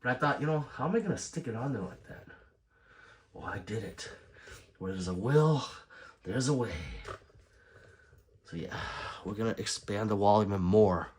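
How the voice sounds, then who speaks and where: A man hosting a livestream, chatting casually and reading out viewer comments, swinging between loud remarks and quiet asides. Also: on the low side, lively intonation, moderate pace, pauses often, breathy edge. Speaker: livestream host.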